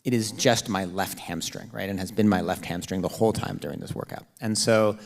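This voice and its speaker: A middle-aged man, an author and runner, telling animated stories in an onstage conversation, often adding "like" and "right?". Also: lowish voice, fairly quick, creaky. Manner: animated storytelling with frequent "like" and "right?". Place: auditorium stage.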